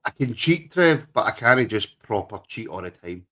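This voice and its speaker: A man co-hosts a podcast in an easy, chatty way, reading viewer comments aloud and laughing along. His voice sits a little low. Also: big pitch swings, moderate pace, fairly bright tone. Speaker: podcast co-host. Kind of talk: casual chat.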